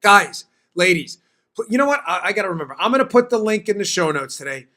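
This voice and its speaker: With a high, bright, sing-song voice, this man hosts a political talk show. Quick asides interrupt him as he hammers his arguments, frequently saying lines twice to stress them.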